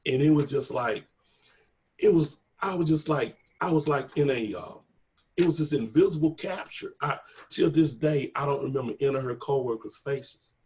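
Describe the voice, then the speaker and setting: A man's voice: mid-range voice, moderate pace, darkish tone. A middle-aged man earnestly retelling a personal story in a casual, emotional way, acting out quoted dialogue. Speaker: guest telling his story.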